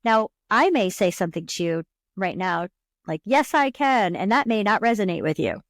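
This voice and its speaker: In clean, echo-free studio audio, a podcast host and subconscious coach delivers a solo self-help talk at a moderate pace. Her voice sits on the low side, and she addresses the listener earnestly, coaching and voicing the inner voices she describes.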